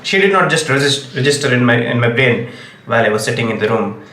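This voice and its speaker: A man's voice: mid-range voice, lively intonation, quick pace, pushed and bright. Indian man ranting in an echoey room. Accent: Indian English. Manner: emphatic, repeats "okay?" to press points. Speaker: commentator. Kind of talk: solo opinion monologue.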